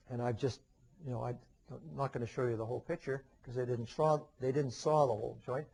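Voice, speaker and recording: Over a rough recording, a man with a medium-pitched, darkish voice teaches an engineering webinar. He talks conversationally, stumbling over fillers and restarting sentences, and keeps raising questions that he then answers.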